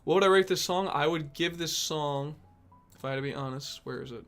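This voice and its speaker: A man's voice: a little high, fairly quick, fairly bright tone. A young man streaming and reacting to obscure songs, rambling casually, thinking aloud and swearing often. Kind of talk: casual music reaction chat. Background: faint music from the songs he plays.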